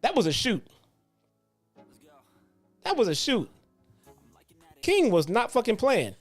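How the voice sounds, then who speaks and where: A man hosting a retro review show in a relaxed, profane way. He tells stories with growing animation, slipping in slang and restarts. Faint music plays in the background. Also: very high voice, slow, pauses often. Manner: casual, profane, animated storytelling. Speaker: host. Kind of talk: casual retro wrestling review.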